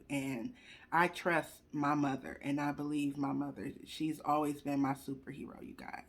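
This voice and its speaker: A woman's voice: sits low, flat delivery, normal speed. Young woman, emotional testimony, talks straight to viewers, holding back tears, webcam at home. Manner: chatty, addresses viewers directly. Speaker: vlogger sharing a personal story. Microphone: computer webcam.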